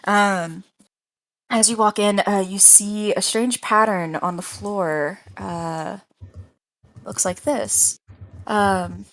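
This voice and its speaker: A woman's voice: medium pitch, fairly even intonation, takes it slowly, a bit bright, rough recording. Hesitant woman game master. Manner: hesitant, filler-heavy narration. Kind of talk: narrating a tabletop game.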